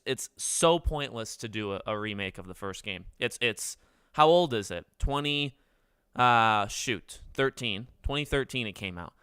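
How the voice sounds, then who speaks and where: A man's voice: mid-range voice, pushed and bright, clean tone, no room sound, clean studio sound. A man in his twenties hosting a casual livestream, chatting with viewers in a rambling, self-correcting way. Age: 20s. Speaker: livestream host.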